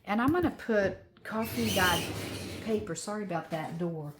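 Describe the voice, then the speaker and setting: A woman's voice: mid-range voice, moderate pace, very noisy. A woman of sixty chatting casually as she crafts at home, rambling and upbeat. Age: 60s. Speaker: crafting vlogger.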